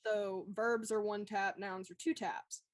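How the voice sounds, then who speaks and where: A woman with a Southern American accent chatting casually as a livestream co-host, animated and laughing often. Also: medium pitch, unhurried. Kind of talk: casual chat.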